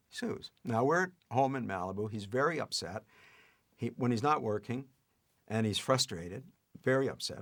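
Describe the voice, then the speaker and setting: An older man telling a family anecdote in a lively way, chuckling as he goes. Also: medium pitch. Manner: lively retelling with acted-out quotes and chuckles. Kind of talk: anecdotal storytelling.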